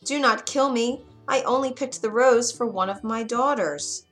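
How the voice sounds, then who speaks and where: Here is a gentle, fretful old father with a voice raised higher and louder than the storyteller's usual tone, as a woman reads him in a storybook. He pleads anxiously and sounds easily flustered. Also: very animated, measured pace, soft background music. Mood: pleading.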